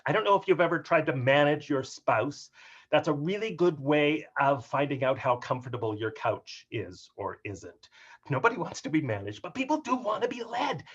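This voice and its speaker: His voice is a little high as this keynote speaker plays for laughs in an upbeat webinar about workplace humor, animated and playful throughout. He's on a video call from his home office, and the call mic gives dull, lo-fi sound.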